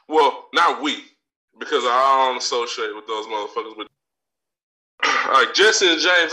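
A man's voice: a little high, pushed and bright, far from the mic, exaggerated voice. A man playing a brash, profane talk-show persona who boasts, threatens and laughs between his lines. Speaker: podcast segment host in character.

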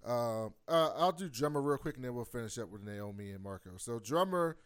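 A man's voice: mid-range voice, brisk, clear, resonant tone, no room sound. Casual man recapping a TV episode. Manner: animated storytelling, acts out quotes. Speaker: podcast co-host.

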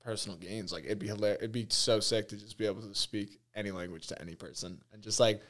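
A man's voice: fairly low pitch, steady tone, fast, fairly bright tone. A young man hosting a podcast in casual chat, talking in a laid-back slangy way with many fillers and frequent laughs. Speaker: podcast host.

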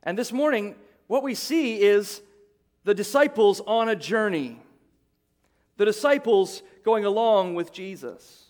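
A middle-aged man preaching a sermon as pastor, in a conversational way that often repeats words and builds into excited bursts. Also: high-pitched, slow.

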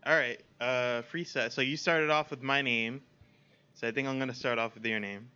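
Young guy nervous freestyle, lots of swearing, bright voice, kinda lo-fi. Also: medium pitch, steady tone, normal speed, clear, resonant tone. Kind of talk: casual freestyle rap battle.

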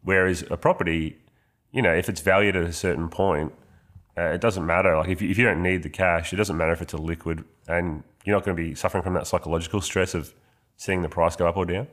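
A man's voice: low voice, steady tone, quick pace, fairly bright tone. A man co-hosting a casual finance podcast, talking through a cold with a nasal voice, playful and competitive. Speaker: podcast co-host.

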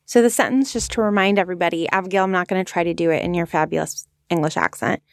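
A woman hosting a podcast, talking in a relaxed, reflective, conversational way and often stopping to think aloud. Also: lowish voice, fast, creaky, no room sound, clean studio sound. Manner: thoughtful, conversational, frequent "like" fillers. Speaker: podcast host. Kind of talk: casual reflective discussion.

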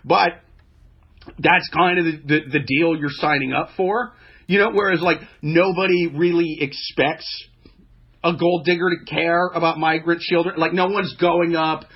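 Husky high-voiced man, profane rambling. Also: steady tone, unhurried. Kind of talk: casual podcast chat. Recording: dull lo-fi sound.

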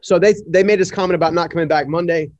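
A middle-aged man, an entrepreneur, telling a personal story in an interview, animated and full of fillers as he acts out the dialogue. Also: on the high side, fast, dry recording. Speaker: entrepreneur guest. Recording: dry, slightly muffled audio.

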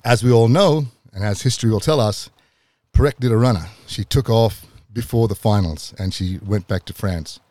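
A man's voice: fairly low pitch, moderate pace, warm tone, dry recording. An Australian man in his forties retells a personal memory with passion and rising emotion, at times close to tears. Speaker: podcast host telling his own story. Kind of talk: personal storytelling.

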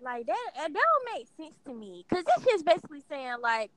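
A woman in casual group chat as a podcast co-host, talking in an animated, emphatic way with many fillers. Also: high-pitched, normal speed, very noisy.

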